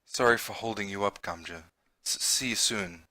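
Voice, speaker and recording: A man voicing a sad young male pigeon schoolboy in a dating game, in a hushed, halting way. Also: lowish voice, no echo, voice pushed down. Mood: sad, hesitant.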